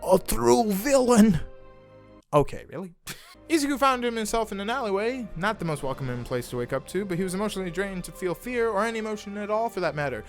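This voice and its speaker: Young man, reading fan fiction aloud, high voice, very lively delivery, faint music behind. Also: fast talker. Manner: animated, stumbles over words, laughs at the text. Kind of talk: casual reading aloud with asides.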